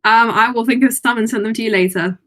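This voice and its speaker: A woman joins a tabletop game with a teasing, playful manner. Her voice sits high. She talks in a casual way. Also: steady tone, quick pace, fairly bright tone. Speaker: player.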